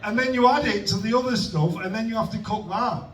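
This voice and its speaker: Picked up from afar in a reverberant comedy club, this young open-mic stand-up speaks in a high, fairly bright voice at a fairly quick clip. He's rambling and self-deprecating before the audience, awkwardly letting jokes trail off unfinished.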